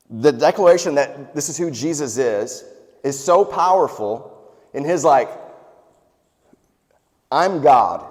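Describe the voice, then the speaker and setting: A man in his younger adult years preaches in a relaxed, conversational way, slipping into asides and stories from his own life. His voice sits a little on the high side. A long reverb trails behind him, as in a large church hall. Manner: conversational, animated storytelling with asides. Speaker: pastor. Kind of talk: sermon.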